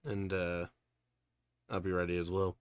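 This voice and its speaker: A man's voice: low-pitched, little pitch movement, unhurried, smooth, no echo, clean studio sound. A man playing a tabletop game, talking casually and hesitantly, thinking aloud with fillers. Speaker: player.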